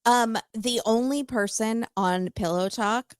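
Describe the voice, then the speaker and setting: A woman's voice: a little high, takes it slowly, clear, resonant tone, dry recording, studio quality. A woman hosting a podcast, chatting casually about a reality show and acting out what the cast said. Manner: animated, acts out quoted cast members in put-on voices. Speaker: podcast host. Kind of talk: casual chat recapping reality TV.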